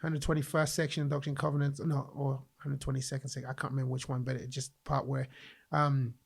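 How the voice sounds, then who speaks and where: A man from England, a guest in a podcast interview, telling a personal story in an animated way and acting out the voices he quotes. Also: mid-range voice, fast talker, vocal fry, husky.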